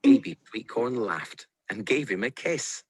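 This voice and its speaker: A man reading a children's picture book aloud in an expressive, playful way. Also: mid-range voice, a little slow, husky, dry recording. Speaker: storybook reader.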